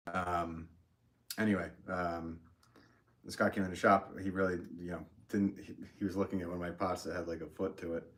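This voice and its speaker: A man who is a potter, chatting casually on a livestream from his pottery studio, rambling with many ums and restarts. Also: lowish voice. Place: pottery studio with fans running. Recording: clear fan noise behind the voice.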